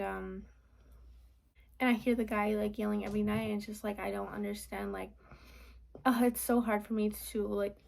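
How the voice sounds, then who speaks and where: A young woman vents casually in a late-night vlog from her apartment, rambling with lots of "like" and sometimes dropping to a whisper. Her voice is fairly high, creaky, and darkish in tone.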